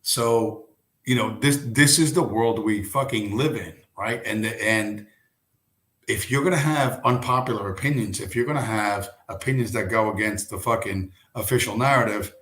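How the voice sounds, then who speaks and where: A man with a fairly low voice talks casually on a livestream. He rambles through stories and swears freely. His voice carries a roomy echo. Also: normal speed, a bit bright. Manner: rambling, profane, storytelling. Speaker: livestream host.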